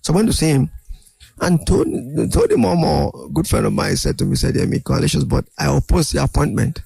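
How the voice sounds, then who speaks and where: An older man, a guest in an interview, telling animated anecdotes and acting out other people's voices. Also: a little high, a little fast, gravelly, husky, dry recording. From Nigeria. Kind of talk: storytelling interview.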